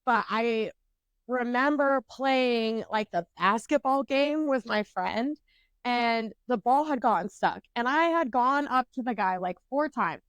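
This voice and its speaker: A woman's voice: on the high side, unhurried, clean tone, no echo. Candid, profane young woman telling stories. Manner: profane, candid, self-mocking; rambling with frequent fillers and restarts. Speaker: podcast co-host. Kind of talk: casual storytelling chat.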